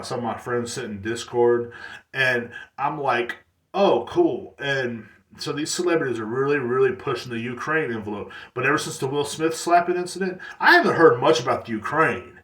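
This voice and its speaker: A man's voice: mid-range voice, fairly bright tone. Profane rambling man in an echoey room. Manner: profane, rambling, heavy on "like" fillers. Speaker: podcast host. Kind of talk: casual solo podcast rant.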